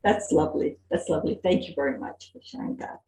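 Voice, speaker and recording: A woman's voice: sits low, animated, fast talker, warm tone. A woman hosting an online workshop, appreciative and encouraging toward participants. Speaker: workshop facilitator. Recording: echoey room on a call.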